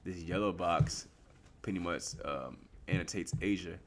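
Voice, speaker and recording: Young man, very low voice, laid-back slangy live trading commentary that answers its own questions. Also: a little slow. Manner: relaxed, slangy and explanatory, asks and answers his own questions. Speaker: livestreaming forex trader.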